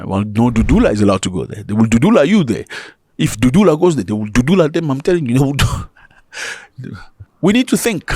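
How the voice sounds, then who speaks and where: A man giving casual opinion commentary to his viewers, animated and full of rhetorical questions and chuckling asides. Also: mid-range voice, no room sound.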